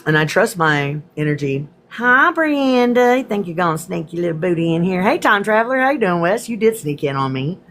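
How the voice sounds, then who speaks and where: A woman hosting a casual livestream, greeting commenters by name and swearing freely, her voice slightly hoarse. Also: fairly low pitch, big pitch swings, normal speed, few pauses, fairly bright tone. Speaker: livestream host. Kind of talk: casual livestream chat and reading her own poems.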